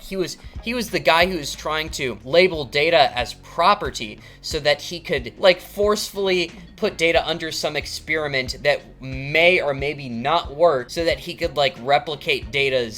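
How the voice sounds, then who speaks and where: A young man giving a casual, animated episode recap, talking loosely with many filler words. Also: on the high side. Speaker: TV episode reviewer.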